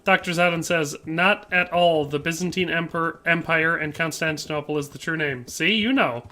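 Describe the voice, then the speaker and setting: Man, game streamer, casual commentary, bright forceful voice, slightly high pitch, reads chat aloud, joking. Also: fairly quick. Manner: chatty, reads viewer comments aloud and answers them; playful, joking asides. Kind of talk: casual livestream commentary while playing.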